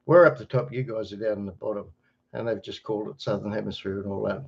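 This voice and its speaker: A man's voice: on the low side, fairly even intonation, fast talker, vocal fry, a little mellow, husky. A middle-aged Australian man hosting a casual livestream, chatting and rambling with viewers, greeting them by name and chuckling often. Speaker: livestream host. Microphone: webcam microphone. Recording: slightly dull webcam audio.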